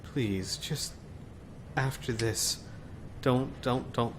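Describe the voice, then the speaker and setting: A man voicing a nervous, wary male dock worker who speaks quietly and haltingly. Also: medium pitch, fairly even intonation, natural voice.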